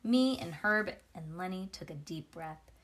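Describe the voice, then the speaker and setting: With a lowish voice and a measured pace, a woman reads a children's chapter book aloud. She brings lively expression to it, though she makes the odd small slip.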